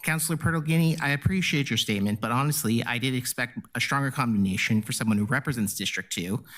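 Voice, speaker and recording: A man addresses a council in an earnest, formal tone, reading prepared remarks at an even pace. He speaks from the chamber, and his voice is relayed through a stream. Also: mid-range voice, quick pace. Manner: earnest, formal, reads from notes. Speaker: public commenter at a city council meeting. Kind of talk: prepared public testimony.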